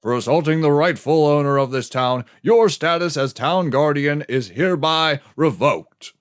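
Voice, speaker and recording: A man's voice: a little high, normal speed, no room sound, studio quality, voice pushed up, natural voice. A man voicing a stiff royal guard who proclaims orders in a formal manner. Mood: officious. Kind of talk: voicing game dialogue in a let's play.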